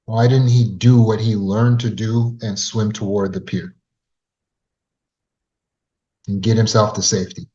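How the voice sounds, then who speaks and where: Trauma recovery coach, male, low-pitched, earnest; speaks straight to the listener. Muffled lo-fi audio. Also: steady tone, measured pace, darkish tone. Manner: earnest, addresses listener directly with rhetorical questions. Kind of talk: storytelling lesson to camera. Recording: dull lo-fi sound.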